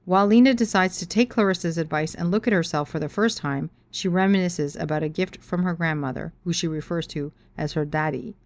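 A woman author reading her own story aloud, frank and expressive, swearing freely. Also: lowish voice, fairly quick, hardly any pauses. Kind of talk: storytelling reading of memoir and novel.

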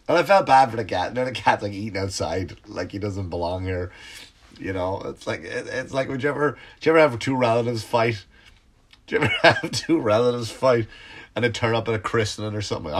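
A middle-aged man with a slightly low voice, stuffed up and sniffly. He rambles through a casual comic monologue, swearing freely and cutting himself off mid-sentence. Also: lively intonation, a little fast, slightly rough. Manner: rambling, profane, self-interrupting. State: congested, sniffly. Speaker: stand-up comedian hosting a podcast.

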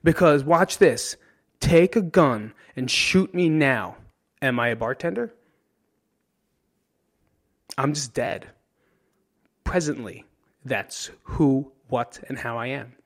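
A man hosting a podcast in a casual monologue, animated and swearing freely as he jumps between tangents. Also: mid-range voice, slow, pauses often. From New Jersey. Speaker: podcast host.

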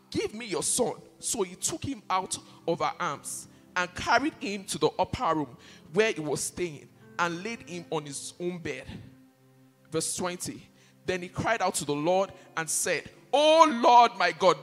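A man's voice: high voice, lively intonation, moderate pace, a bit bright. A male pastor preaching an impassioned sermon, repeating key phrases for emphasis. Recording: reverberant hall with faint music behind.

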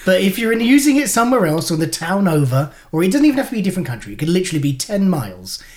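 A man's voice: sits high, sing-song, very fast. A man co-hosting a casual podcast, joking and asking follow-up questions as he learns about wine. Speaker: co-host.

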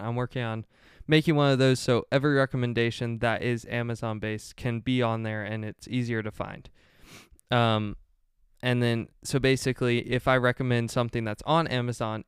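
A young man talks through a solo podcast episode, often stopping to correct himself and filling gaps with ums. His voice is very smooth and clear, and it sits dry and close with no room sound. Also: mid-range voice, dry recording. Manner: rambling, self-correcting, many fillers. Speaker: podcast host.

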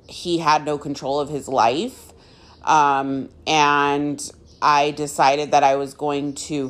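A woman in her thirties hosts a personal podcast, recounting her own story with open candor. Her voice sits low and her delivery is slow and unhurried, broken by frequent ums and restarts. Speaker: podcast host.

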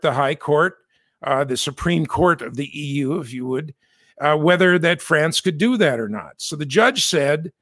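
A man's voice: on the high side, fairly bright tone, no echo, clean studio sound. A man from the United States giving chatty, self-correcting commentary with jokey asides. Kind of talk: casual spoken commentary.

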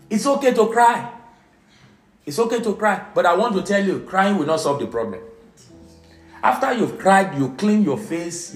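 A middle-aged man, preaching an emotional sermon with dramatic swings from loud emphasis to hushed, quiet lines. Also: a little high, distant mic. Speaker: pastor. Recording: echoey room with music behind.

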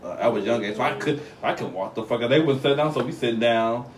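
A man's voice: medium pitch, fast talker, far from the mic, slight background noise. Laid-back Texan man, echoey room. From Texas. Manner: loose, profane, laid-back storytelling. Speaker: podcast co-host. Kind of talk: casual chat.

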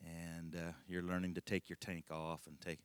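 Man, pastor, folksy rambling sermon, lower voice, dry close sound. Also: completely flat delivery, moderate pace, clean tone, no room sound. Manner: rambling, folksy storytelling with frequent laughs and restarts. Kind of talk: conversational sermon.

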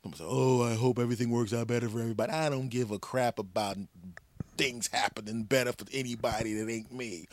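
A man's voice: fairly low pitch, dry recording. A middle-aged man hosting a comedy podcast, ranting in a mock-arrogant, profane, sarcastic way. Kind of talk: comedic rant sketch.

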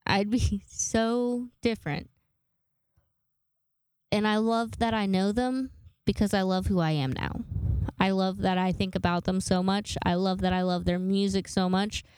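Stuffy-nosed young woman just rambling into her podcast mic, swears a lot, smooth voice, dead dry room. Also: medium pitch, fairly even intonation, a little slow, a little mellow, no room sound. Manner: rambling, self-deprecating, swears casually. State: congested from a sinus infection. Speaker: podcast host. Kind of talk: casual solo podcast monologue.

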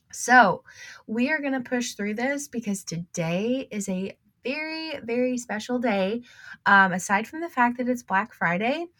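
A woman's voice: on the high side, fairly bright tone. A young woman with a stuffy, congested nose from a cold, hosting a casual solo podcast in an upbeat, chatty way with frequent small laughs. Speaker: podcast host.

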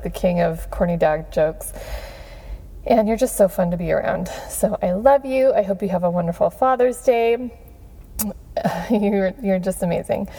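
A podcast host in her thirties giving heartfelt thanks, gushing, with frequent pauses and fillers. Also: on the low side, vocal fry, mellow. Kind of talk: heartfelt Father's Day shout-outs.

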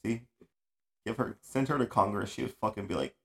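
Gravelly-voiced man rambling on a podcast. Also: on the low side, brisk, fairly bright tone. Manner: rambling, swears freely, laughs often. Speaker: podcast host. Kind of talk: casual chat. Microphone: audio-only podcast recording.

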